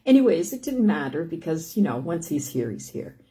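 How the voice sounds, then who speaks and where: A woman's voice: deep voice, big pitch swings, a little fast, warm tone. An older woman hosting a live stream, chatting casually and rambling with many restarts and "anyways". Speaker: host of a live stream about living with lung disease.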